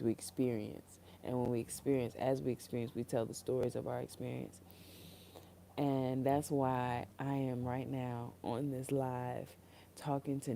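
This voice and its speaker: A young woman speaking alone on a livestream in a very dark, mellow voice. She sounds earnest and reflective, wandering through her thoughts with fillers and restarts while holding back tears. A faint hiss sits under her voice. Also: rumbling low. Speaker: creator on a solo livestream. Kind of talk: candid solo livestream talk. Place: room, alone.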